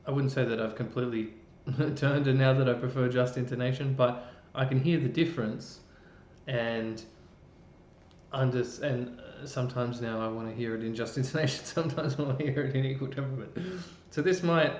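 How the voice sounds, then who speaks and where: An Australian man explains music theory on a live stream. His talk is loose and chatty, with frequent ums and restarts. The sound is roomy and a little muffled, with a faint rumble behind it. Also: fairly even intonation, normal speed, a little mellow. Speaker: music presenter.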